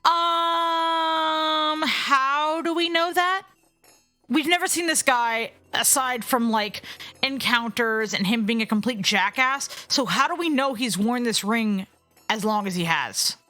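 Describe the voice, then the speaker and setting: A woman's voice: fairly high pitch, lively intonation, moderate pace, pushed and bright, dry recording, faint music behind. A woman co-hosting a let's play, making wry, sarcastic comments. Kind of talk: casual reactive commentary.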